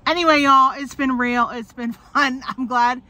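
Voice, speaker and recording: A woman's voice: a little high, little pitch movement, a little slow, noisy background. Chatty sick woman vlogging from a car. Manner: chatty, joking, swears freely, frequent laughs. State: sick with a cough. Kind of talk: casual chat to camera. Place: inside a car.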